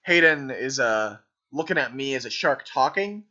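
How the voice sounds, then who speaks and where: A man's voice: medium pitch, animated, normal speed, bright, forceful tone. A man coaching an improv troupe, casually commenting over a video of their scene in a rambling way, full of ums and "right?". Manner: rambling, filler-heavy, keeps asking "right?". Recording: dull lo-fi voice recording.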